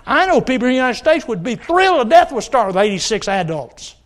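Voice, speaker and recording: Man, middle-aged, preacher, high voice, earnest, pleading, sermon in church. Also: sing-song, quick pace. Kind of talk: sermon with altar call. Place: church service.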